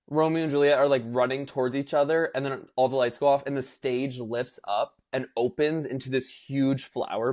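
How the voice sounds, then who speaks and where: Young man, podcast co-host, casual chat, middle pitch, animated, acts out quotes, filler-heavy.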